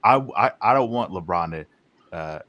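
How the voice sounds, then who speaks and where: Man, fairly low voice, casual sports talk, repeats himself, faint hiss behind. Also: lively intonation, measured pace, lo-fi sound. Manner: repeats words, lists points by number. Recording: faint background noise.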